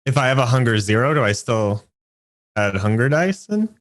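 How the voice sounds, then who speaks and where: A man playing in a tabletop role-play game, asking quick, easygoing questions about the rules. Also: medium pitch, sing-song. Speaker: player. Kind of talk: casual game chat.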